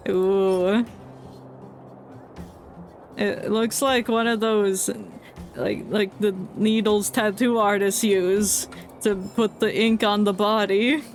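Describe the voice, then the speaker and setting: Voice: mid-range voice, steady tone, takes it slowly, long pauses, soft background music. A game streamer commenting in a joking, chatty way while playing.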